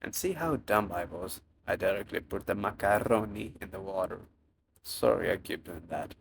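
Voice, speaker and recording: A man's voice: low-pitched, expressive, normal speed, vocal fry, slight background noise. A man with a non-native English accent narrating his own cooking vlog in a chatty, self-mocking way. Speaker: cooking vlogger. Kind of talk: casual vlog voice-over.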